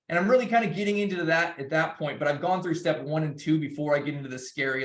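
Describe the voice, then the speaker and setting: A man's voice: a little high, quick pace, hardly any pauses, roomy sound. A man speaking in a loose, rambling way, with many restarts, as a guest speaker. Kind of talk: casual presentation.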